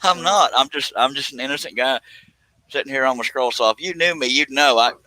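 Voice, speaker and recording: A man's voice: medium pitch, a little fast, sharp tone, dry recording, poor audio. A man, hosting a live stream, joking and reading viewer comments aloud. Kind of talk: casual live stream chat.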